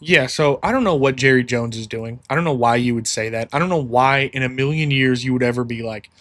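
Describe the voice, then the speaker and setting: A man's voice: mid-range voice, lively intonation, fast, fairly bright tone. A man hosting a solo sports podcast, ranting heatedly and swearing freely.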